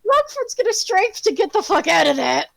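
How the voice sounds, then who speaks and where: A woman narrating a tabletop game as game master, animated and laughing, swearing freely. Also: very high-pitched, fairly quick, creaky, no room sound.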